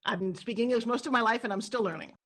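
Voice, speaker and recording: A middle-aged woman from New York with a New York accent, telling stories as an animated, emphatic interview guest. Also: a little high, racing. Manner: animated storyteller, lively and emphatic. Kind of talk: candid interview talk.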